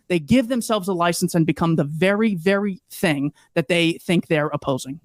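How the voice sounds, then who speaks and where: A man appearing as a podcast guest, arguing a political point in a brisk, emphatic way. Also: sits high, no room sound, studio quality. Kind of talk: political discussion.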